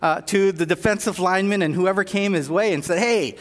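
High-voiced preacher in a reverberant hall. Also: male voice, fairly even intonation, a little fast. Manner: storytelling with many restarts and fillers. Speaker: pastor. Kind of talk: sermon.

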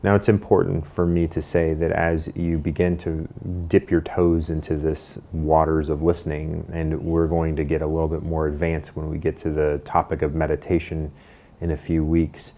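Male pastor, calm measured sermon delivery, dark flat low voice.

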